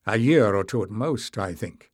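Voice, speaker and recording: Guy doing a grim old soldier type, slow and dry, kinda husky low voice. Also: lively intonation, darkish tone, no room sound. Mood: thoughtful. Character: grim older warrior, slow and stern.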